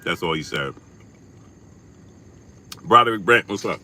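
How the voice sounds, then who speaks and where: Forceful low-voiced man shouting out chat. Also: animated, a little slow. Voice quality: slangy, laid-back, trailing into mumbles. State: chewing while talking. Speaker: livestream host. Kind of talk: casual live-stream chat, reading out viewer shout-outs.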